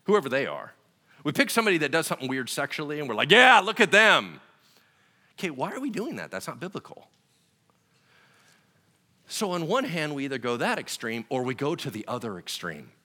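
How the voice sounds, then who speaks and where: A man preaching a sermon as pastor, lively and conversational, acting out other people's voices and then dropping to a quieter, gentler delivery. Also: mid-range voice, brisk. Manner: animated, acts out voices of God and listeners; drops to a quieter, softer delivery when reassuring. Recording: long hall reverb.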